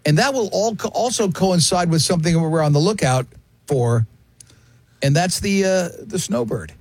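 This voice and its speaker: A man's voice: sits high, moderate pace, dry recording. A man hosting a radio talk show, bantering casually and acting out quoted voices with jokes. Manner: animated, jokey, acts out quoted voices.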